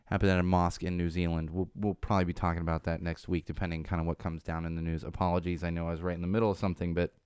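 A man's voice: low-pitched, little pitch movement, rapid-fire, hardly any pauses, a little mellow, smooth, no room sound. A man hosting a casual entertainment news chat in a studio, rambling and correcting himself, with sarcastic asides. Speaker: podcast host. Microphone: studio microphone.

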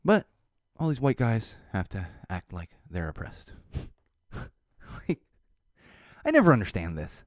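Sarcastic ranting man, lively pitch. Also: unhurried, pauses often, dry recording, clean studio sound. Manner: sarcastic, ranting, frequent restarts and laughs. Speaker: podcast host. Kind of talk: casual opinion monologue.

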